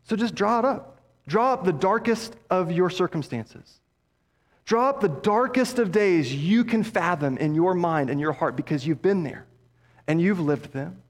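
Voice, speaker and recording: A man preaching a sermon as pastor, passionate, dropping low and soft for emphasis. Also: expressive, measured pace. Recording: long hall reverb.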